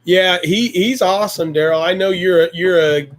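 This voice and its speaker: A man's voice: high voice, normal speed. A man hosting a homestead livestream, chatting in a folksy, effusive way and handing out praise and blessings. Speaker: livestream host. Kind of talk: casual livestream chat.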